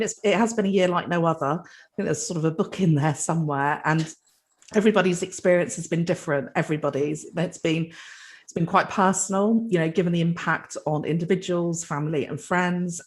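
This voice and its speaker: A British health trust chief executive answers a panel question earnestly and fluently, though she often restarts her sentences. Her voice is on the low side, with a British English accent.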